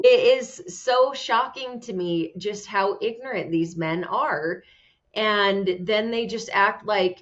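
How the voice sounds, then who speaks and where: A woman's voice: mid-range voice, slow. A woman host giving casual commentary in a blunt, profane, heated way. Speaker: podcast host. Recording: dull lo-fi sound.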